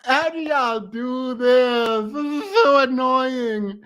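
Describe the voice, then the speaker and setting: A woman's voice: sits high, takes it slowly, a bit bright, clean tone. A woman reacting to a clip in casual commentary, outspoken and laughing often between remarks.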